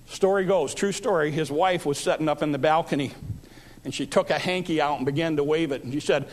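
A man's voice: fairly high pitch, a little fast. A man preaching a sermon, telling a Bible story and acting out its speakers with rising emphasis.

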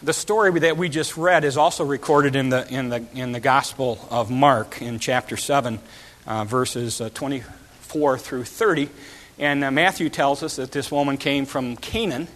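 A man's voice: medium pitch, normal speed, fairly bright tone. A man preaching a sermon in an earnest, emphatic way, often repeating and restarting words.

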